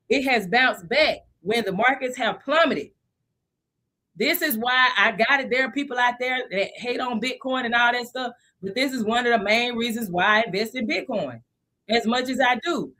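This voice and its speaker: A woman in her thirties hosting a casual live stream about investing, chatty and animated, laughing often. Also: fairly high pitch.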